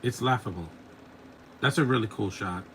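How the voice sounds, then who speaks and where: This podcast host, a man in his forties, provides live commentary over a movie. His middle-pitched voice is bright and forceful, expressive and at normal speed, as he bluntly airs opinions and wanders from complaint to complaint. Faint background noise is audible.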